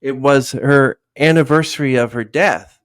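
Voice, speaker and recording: A man's voice: medium pitch, moderate pace. Rambling man hosting a podcast. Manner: rambling, hesitant, trails off mid-sentence. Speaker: podcast host. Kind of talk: casual interview chat.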